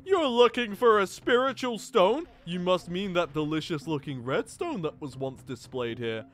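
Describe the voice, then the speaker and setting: A man's voice: high voice, lively intonation, moderate pace, soft background music. A man voicing a small, whiny, cheeky rock creature, rambling petulantly while reading game dialogue aloud.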